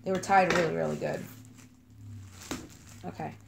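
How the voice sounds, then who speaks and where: A woman's voice: low-pitched, fairly even intonation, normal speed, gravelly, noisy background. A chatty woman with a New York accent, rambling and gushing as she unboxes and sniffs scented wax in a casual vlog. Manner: bubbly, rambling, self-described kooky; gushing over scents and colors. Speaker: vlogger unboxing wax melts.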